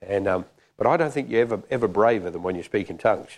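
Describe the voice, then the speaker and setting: A male preacher delivers a sermon in a loose, joking, conversational way. His voice sits fairly low, and he pauses with frequent fillers between his points.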